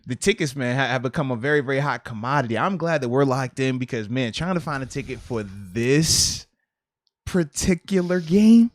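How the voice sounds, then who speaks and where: A man's voice: medium pitch, expressive, moderate pace, dry recording, studio quality. A man co-hosting a casual sports podcast, teasing and laughing often. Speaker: podcast co-host.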